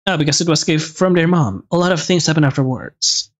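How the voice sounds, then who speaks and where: Man reading a game aloud, fairly high voice. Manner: halting, restarts words, reads with some feeling. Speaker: gamer reading a visual novel aloud. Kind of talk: reading game text aloud with casual asides.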